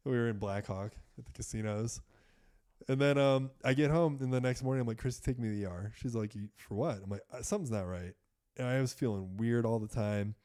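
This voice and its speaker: In a mid-range voice that runs a little fast, this podcast guest, an American in his 30s, tells an animated, casual story laced with swearing, voicing the doctors he quotes.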